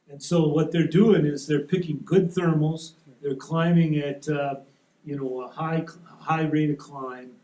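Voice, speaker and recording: A man giving a relaxed, practical seminar talk to a club audience, explaining with rules of thumb in a meeting room. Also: on the high side. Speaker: seminar presenter. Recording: echoey room.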